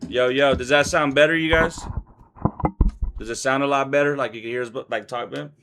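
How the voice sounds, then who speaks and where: Male streamer host, gravelly voice, loud casual banter, medium pitch. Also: steady tone, fairly quick, a little hiss or hum. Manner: loud, slangy, joking banter. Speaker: livestream host. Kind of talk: casual livestream chat. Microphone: desk microphone being adjusted.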